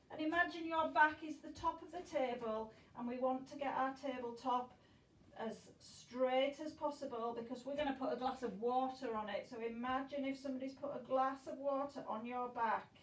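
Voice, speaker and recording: A woman's voice: sits high, fairly even intonation, moderate pace, reverberant, distant mic, low-quality recording. A woman guiding a children's yoga class in an encouraging, playful way. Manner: encouraging, playful, makes animal noises.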